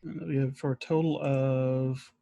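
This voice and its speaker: A man's voice: mid-range voice, little pitch movement, unhurried, creaky, warm tone, no echo. A man playing a tabletop game, calling out his moves and dice rolls in a matter-of-fact way. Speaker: player. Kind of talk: casual tabletop game play.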